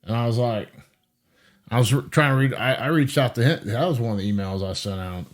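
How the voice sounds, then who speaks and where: A man hosting a recovery podcast, talking haltingly on a video call and often stumbling over his words. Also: mid-range voice. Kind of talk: casual interview on a video call.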